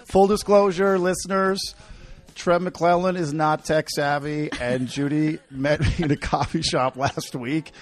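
A man's voice: on the high side, steady tone, unhurried. A Canadian man hosting a podcast, chatting casually and poking fun at himself, with lots of fillers. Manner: chatty, self-mocking, many fillers. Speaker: podcast host. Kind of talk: casual chat.

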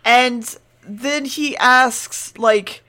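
Chatty higher-voiced woman recapping. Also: extremely slow, bright, forceful tone. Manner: chatty, laughs often, swears casually. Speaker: podcast co-host. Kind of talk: casual recap chat.

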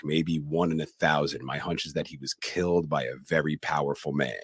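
A man's voice: very deep voice, husky, dry recording, studio quality. A man co-hosting a podcast, recapping a horror film scene by scene in a casual way. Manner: retells scenes plainly, acts out quoted lines. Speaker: podcast co-host.

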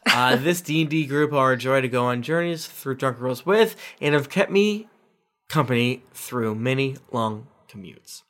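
A man's voice: medium pitch, lively intonation, normal speed, a bit bright. Man playfully reading reviews aloud. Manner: reads aloud with playful voices and asides. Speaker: podcast host reading listener reviews. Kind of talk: casual podcast chat.

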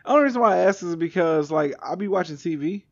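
A man's voice: high voice, animated, quick pace, muffled recording. A man in casual chat, telling stories with a joking, incredulous edge.

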